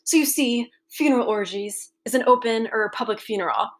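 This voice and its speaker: A woman's voice: a little high, a little fast, lightly acted. A woman reading as a pompous blustering con-man king.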